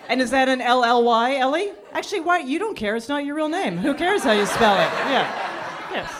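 A woman's voice: high voice, lively intonation, fairly quick, very noisy. A woman doing a stand-up comedy set, chatty and self-mocking, acting out the voices she quotes. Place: comedy stage before a live audience. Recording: live club crowd laughing. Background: audience laughter.

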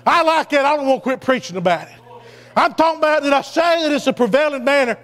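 A man preaches in a voice pitched strikingly high, fervent and punctuated by constant "uh, hey" asides as he climbs toward shouting. His words ring out with a long reverberant tail from the church around him. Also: lively intonation, fast talker. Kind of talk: sermon.

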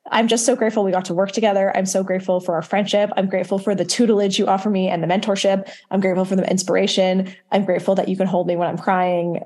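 A woman's voice: mid-range voice, flat delivery, rapid-fire, few pauses. A woman hosting a casual podcast interview, effusive and enthusiastic toward her guest. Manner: gushing, effusive, warmly enthusiastic. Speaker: podcast host.

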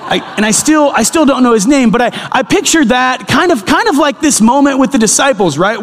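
A middle-aged male pastor telling a story in a sermon, animated and acting out the people in it. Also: very high voice, fairly quick, hardly any pauses. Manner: animated, acts out the people in his stories. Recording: long hall reverb.

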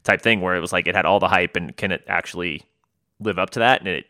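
A man chatting casually about track results as co-host, halting and repeating words with lots of fillers. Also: deep voice, pushed and bright, no echo, studio quality. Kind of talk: casual sports chat.

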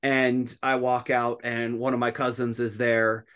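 A man's voice: medium pitch, flat delivery, unhurried, a bit bright, clear, resonant tone. A man hosting a podcast in casual chat, rambling and laughing often. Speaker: podcast host.

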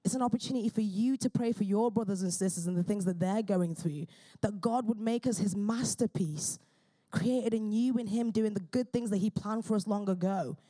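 A woman's voice: medium pitch, mellow. A woman preaching a sermon in an earnest, fervent way, often restarting her phrases.

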